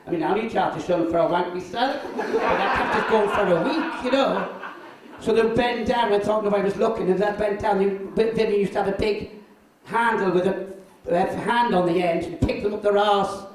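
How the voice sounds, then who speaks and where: An older man, a drag performer telling crude, deadpan anecdotes on stage. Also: sits high, a little fast, a little hiss or hum. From North East England. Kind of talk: bawdy stand-up storytelling. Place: live show venue. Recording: echoey room, from far off.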